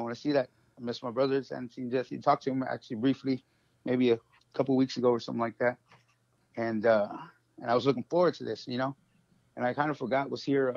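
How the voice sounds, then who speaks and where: A man sharing a personal struggle in a halting, emotional way, full of fillers, on a phone. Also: mid-range voice, creaky, no echo. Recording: dull dry phone audio.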